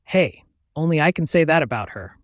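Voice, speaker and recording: A man's voice: a little high, animated, moderate pace, no echo, studio quality, lightly acted. A man doing a smug, taunting werewolf alpha. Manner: mocking, taunting. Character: smug, arrogant young male werewolf alpha.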